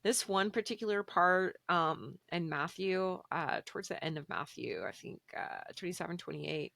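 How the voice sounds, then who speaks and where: A woman's voice: lowish voice, moderate pace, gravelly, no room sound. A woman hosting a casual spiritual conversation, rambling with hesitations and livening up when she quotes people. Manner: rambling and hesitant, many fillers, gets lively when quoting. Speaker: podcast host.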